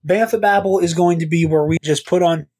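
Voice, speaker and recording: A man's voice: a little high, fairly quick, darkish tone, husky. A man hosting a podcast in casual chat, rambling and stammering, swearing now and then. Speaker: podcast host.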